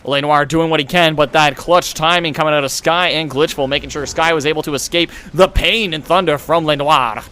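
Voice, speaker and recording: Fast, excitable young male game caster. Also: fairly high pitch. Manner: rapid, excitable play-by-play calling. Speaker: esports caster. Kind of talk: play-by-play game commentary.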